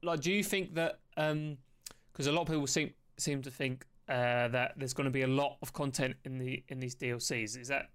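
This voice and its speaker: Chatty man with a smooth voice. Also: mid-range voice, fairly even intonation, normal speed, fairly bright tone. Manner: chatty, asks questions and thinks aloud. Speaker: podcast host. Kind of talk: casual podcast chat.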